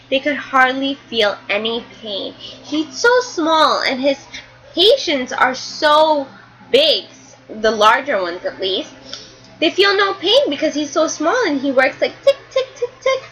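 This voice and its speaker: A woman's voice: high-pitched, sharp tone, low-quality recording. A woman teacher reading a picture book aloud to a class, stopping to explain words and pictures.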